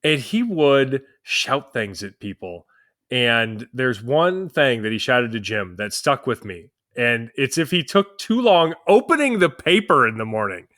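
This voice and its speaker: A man's voice: medium pitch, unhurried, no room sound, clean studio sound. A man co-hosting a podcast, chatting casually with profane, jokey asides. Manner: profane, jokey, animated storytelling. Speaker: podcast co-host. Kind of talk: casual chat.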